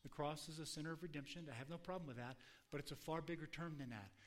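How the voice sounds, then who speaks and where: A pastor preaching a sermon in a relaxed, conversational teaching manner. His voice sits a little higher than most men's, and he slips into character voices when quoting scripture. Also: fast. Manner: conversational teaching, acting out quotes.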